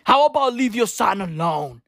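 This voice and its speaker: A woman's voice: medium pitch, very animated, normal speed, fairly bright tone, no echo, clean studio sound. A woman delivering a comedic sports rant in slangy, profane, repetitive street talk.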